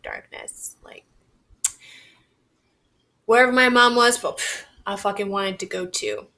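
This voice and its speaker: Slow, halting young woman confiding. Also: medium pitch, gravelly, sharp tone. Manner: halting, reflective, candid, swears casually. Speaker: vlogger. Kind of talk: personal confessional vlog.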